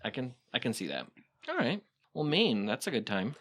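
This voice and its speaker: A man co-hosting a casual podcast, agreeing and cracking quick quips. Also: medium pitch, very animated, fairly bright tone. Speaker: podcast co-host. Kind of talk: casual group chat.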